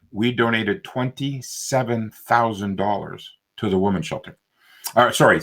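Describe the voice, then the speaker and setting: A man's voice: lowish voice, fairly bright tone. A man, a self-published author, telling a story in a panel chat and acting out the voices he quotes.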